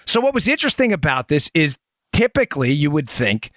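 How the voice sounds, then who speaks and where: A man hosting a political talk podcast, talking casually and animatedly, with quick asides and sudden raised emphasis. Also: no room sound, studio quality. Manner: animated, conversational, swings between low asides and high emphasis. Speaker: podcast host. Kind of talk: political talk show with ad read.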